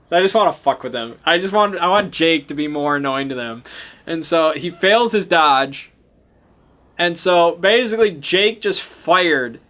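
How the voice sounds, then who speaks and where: A man's voice: a little high, lively intonation, unhurried, fairly bright tone. A young man as game master, casually recapping a tabletop game session in a rambling way, full of "like" and restarts. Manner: rambling, lots of "like" and restarts, chuckling.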